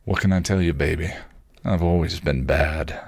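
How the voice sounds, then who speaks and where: A man's voice: a bass voice, normal speed, vocal fry, a little mellow, dry recording, studio quality, voice pushed down, heavily acted. A man reading aloud and voicing a cocky roguish man who needles with a reasonable tone. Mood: smug. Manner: reasonable tone, taunting.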